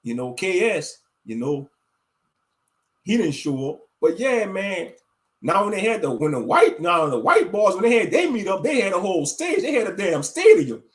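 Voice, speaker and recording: A man's voice: high-pitched, big pitch swings, moderate pace. A man in his thirties giving blunt, profane, rambling commentary on a casual livestream, talking straight to his viewers as family. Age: 30s. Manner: addresses viewers directly as family.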